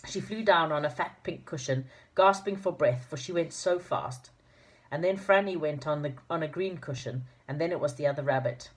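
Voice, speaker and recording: A woman's voice: low voice, moderate pace, breathy edge. A woman reading a children's storybook aloud in an informal manner, with fillers and restarts. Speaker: narrator.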